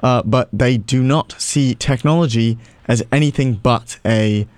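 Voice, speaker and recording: A man's voice: mid-range voice, a little slow, darkish tone, dry recording. A man hosting a college radio show, chatting casually with a wry, sarcastic manner and frequent "uh" fillers.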